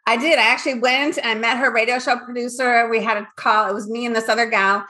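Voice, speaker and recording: A woman in her fifties, a business owner from Northern California, telling her story in a candid, animated interview chat. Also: fairly high pitch, fast. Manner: candid and animated, acts out her past thoughts.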